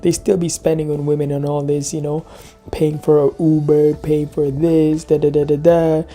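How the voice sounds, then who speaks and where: A man ranting in casual reaction commentary, full of slang and filler. His voice is very dark and mellow, and faint music plays under it. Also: a little high, little pitch movement, normal speed.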